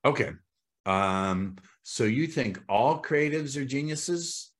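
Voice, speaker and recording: A man's voice: medium pitch, lively intonation. A middle-aged man from the United States hosting a podcast interview, upbeat and eager to dive into questions. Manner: upbeat, talks of diving in, quick asides. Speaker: podcast host.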